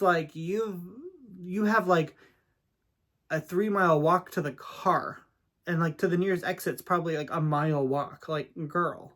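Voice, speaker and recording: Chatty, sassy man telling a story. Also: on the high side. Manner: chatty and sassy, with dramatic asides. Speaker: vlogger and real estate agent. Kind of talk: casual storytelling vlog.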